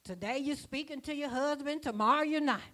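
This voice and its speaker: Woman apostle, sermon, slightly high voice, folksy rhythmic delivery. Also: brisk, a bit bright. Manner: folksy, rhythmic preaching, dialect grammar. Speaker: apostle preaching. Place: church conference.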